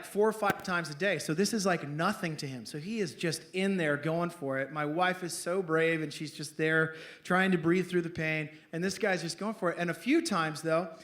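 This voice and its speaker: A pastor telling a humorous personal story in a sermon, animated and self-mocking, often laughing at his own jokes. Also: sits high. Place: church.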